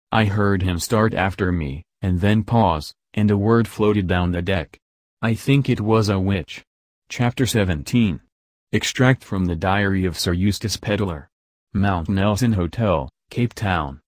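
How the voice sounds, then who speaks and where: A man narrating an audiobook in an even, measured reading voice. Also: fairly low pitch, no echo, studio quality. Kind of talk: scripted narration.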